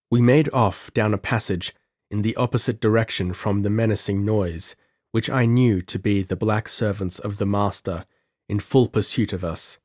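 A man narrating a pulp adventure story in an audiobook with measured, dramatic delivery. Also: lowish voice, a little mellow, no room sound, clean studio sound.

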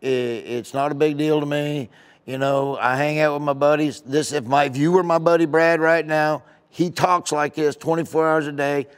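A man, a comedian being interviewed, telling casual rambling anecdotes in an animated way. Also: fairly high pitch, moderate pace, smooth. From United States. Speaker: comedian guest.

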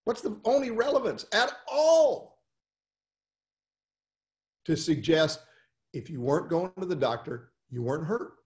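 A man with a voice a little higher than most coaches lawyers in a webinar. He talks in an animated, storytelling way and piles up rhetorical questions to make his point. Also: measured pace, pauses often, echoey room. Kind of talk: webinar talk.

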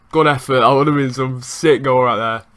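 A young man giving lively, excitable commentary over his own football video game match, swearing now and then and breaking into laughter. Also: mid-range voice, slow. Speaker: gaming youtuber. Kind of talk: live gameplay commentary.

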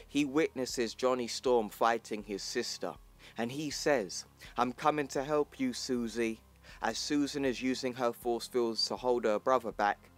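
A man hosting his channel, narrating a comic book story in plain, even storytelling and reading the characters' lines in his own voice. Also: medium pitch. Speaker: channel host.

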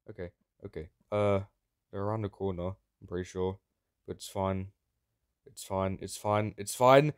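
A man giving excitable, sarcastic gameplay commentary, prone to sudden yelps. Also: sits low, moderate pace, clean tone, no room sound, studio quality. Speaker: Minecraft YouTuber.

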